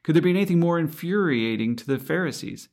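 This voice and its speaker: Man with a gravelly voice preaching. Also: on the high side, animated, fast, darkish tone. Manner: earnest, reflective, asks rhetorical questions. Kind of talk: sermon.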